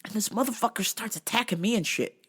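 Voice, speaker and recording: A woman's voice: mid-range voice, fast, husky. A woman hosting a vlog, ranting in a casual, comedic way and swearing often as she tells stories. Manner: profane, animated storytelling with frequent swearing. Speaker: vlog host.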